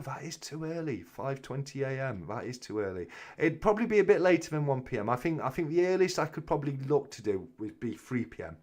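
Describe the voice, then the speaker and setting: A man hosting a casual live-stream chat, chatting away as he reads viewer comments aloud and answers them. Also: on the low side.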